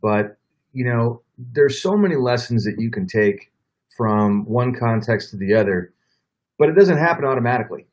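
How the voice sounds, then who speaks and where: Brief: male panelist, mid pitch, thoughtful and steady. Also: normal speed. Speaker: guest panelist. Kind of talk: casual panel talk.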